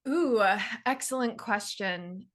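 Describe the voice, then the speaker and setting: Bright-voiced woman co-hosting a podcast. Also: mid-range voice, slow pace. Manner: relaxed, conversational. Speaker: podcast co-host. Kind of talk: casual podcast chat.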